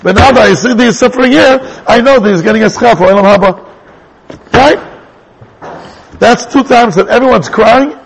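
A man teaching a Torah class in an animated way, restarting sentences and mixing in Hebrew terms. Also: extremely high pitch, normal speed, pauses often, breathy edge, low-quality recording. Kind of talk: lively Torah lecture.

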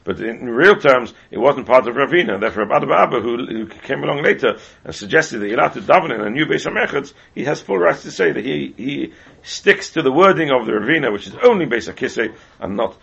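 A man teaches a Talmud class at a rapid, brisk clip, heavily repeating words as he explains. His medium-pitched voice is gravelly, a little husky, animated, and a bit bright. The recording sounds dull and lo-fi.

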